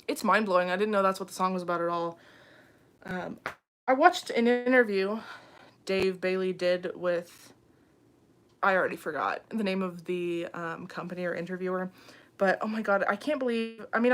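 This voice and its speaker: A young woman talks casually to her livestream viewers from home, in a voice of ordinary middle pitch. She is chatty and loose, reading comments aloud and scattering ums and small laughs through her talk. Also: a bit bright. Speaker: livestream host.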